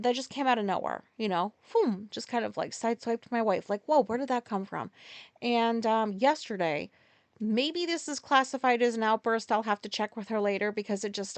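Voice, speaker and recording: A woman's voice: mid-range voice, dry recording. A woman hosting a casual solo podcast, rambling through a story with profane, self-deprecating asides. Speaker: podcast host.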